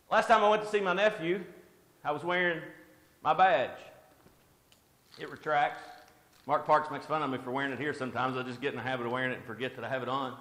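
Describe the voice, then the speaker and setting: A man's voice: a little high, a bit bright. A man giving an informal church devotional in a conversational, self-deprecating way, with jokes at his own expense. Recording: echoey hall with long reverb.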